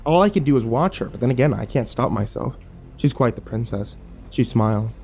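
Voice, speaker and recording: Mellow-voiced male horror narrator. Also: mid-range voice, lively intonation, fairly quick, gravelly, faint music behind.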